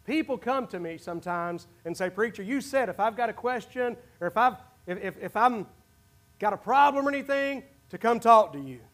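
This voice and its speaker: High-voiced preacher, impassioned sermon. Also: male voice, expressive, moderate pace. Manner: impassioned preaching, swinging between shouts and hushed low asides. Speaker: pastor. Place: church sanctuary.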